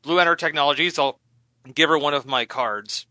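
A man's voice: on the high side, brisk, pushed and bright, no echo. A man playing a tabletop game in a playful, boastful way. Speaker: player. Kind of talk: casual tabletop role-play.

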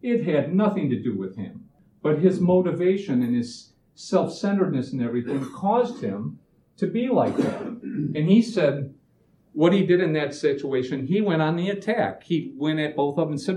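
A man talking through everyday examples in a casual motivational talk, slipping into little impressions of what people say. His voice is mellow and a touch higher than most, and the room around him echoes with a faint rumble underneath. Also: normal speed. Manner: animated storyteller, acts out quoted voices, often restarts phrases. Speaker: speaker giving a talk on expectations.

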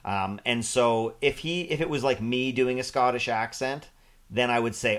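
Animated man in casual podcast chat. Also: mid-range voice, normal speed. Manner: animated, acts out quotes. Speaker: podcast co-host.

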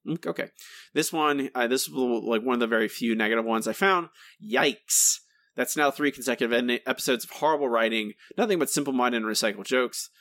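A man co-hosting a podcast, talking in an animated, incredulous and sarcastic way. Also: mid-range voice, a little fast, no room sound, studio quality. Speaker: podcast co-host. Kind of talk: casual chat.

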